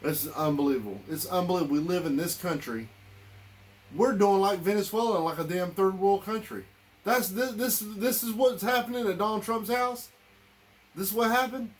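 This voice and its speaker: Man, angry political rant, heated and repetitive, slightly high voice. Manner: heated, repetitive, addresses listeners as y'all. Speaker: political commentator.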